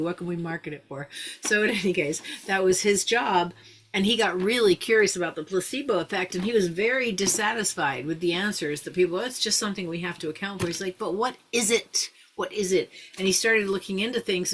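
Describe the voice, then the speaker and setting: A woman teaching a mindfulness practice group in a casual, chatty way, full of fillers and restarts, sometimes slowing into a soft hypnotic guiding voice. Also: fairly low pitch. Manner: chatty, thinks aloud with many fillers and restarts; drops into a slow soft hypnotic voice for guidance.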